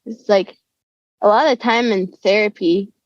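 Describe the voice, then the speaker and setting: A woman's voice: mid-range voice, steady tone, normal speed, no room sound. A young woman, a musician guest, talking in a laid-back, slangy way in a casual interview, throwing in "dude" and "bro". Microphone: remote call. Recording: dull, dry lo-fi call audio.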